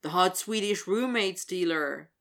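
A woman voicing a teasing, amused young college man who speaks slowly. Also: high-pitched, gravelly, pushed and bright, heavily acted.

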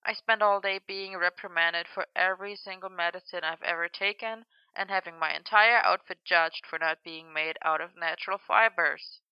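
A woman's voice: fairly low pitch, steady tone, normal speed, hardly any pauses, smooth, no echo, close to an everyday voice. A woman voicing a cheeky young man who sounds scratchy and worn out, in a dull, dry recording. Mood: exhausted. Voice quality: tired, scratchy, quiet.

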